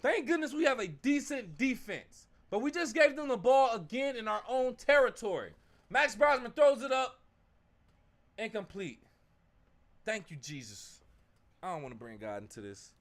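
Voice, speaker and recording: Excitable young man shouting at the game. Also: high-pitched, moderate pace. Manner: excitable, swings from mumbling asides to shouting at the game; uses slang like fam and bro. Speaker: live-stream sports watch-along host. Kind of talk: casual live-stream commentary.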